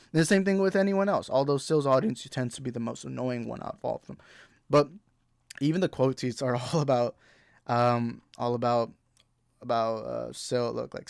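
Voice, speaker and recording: A man's voice: medium pitch, steady tone, moderate pace, gravelly, no echo, clean studio sound. A young adult man hosting a movie talk show, ranting bluntly and profanely in exasperation. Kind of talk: heated ranting commentary.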